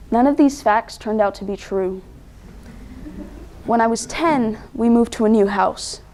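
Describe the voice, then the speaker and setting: A teenage girl performs a dramatic interpretation piece as a student competitor. She narrates with deliberate pauses and careful emphasis. Her voice sits fairly high. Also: a little mellow. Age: teens.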